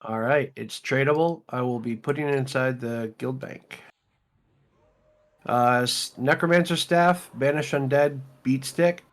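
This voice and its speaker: A man running a game stream, talking loot and small talk in an easy, unhurried way. His pitch sits in a middling range, and he thinks out loud as he reads items off for the raid. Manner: relaxed, talks loot through aloud. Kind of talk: casual game-stream chat.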